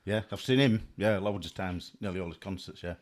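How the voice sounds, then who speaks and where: A man's voice: sits low, a little fast. A man, a race team mechanic who chats casually and tells jokes. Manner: joke-telling, laughs often. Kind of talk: casual chat.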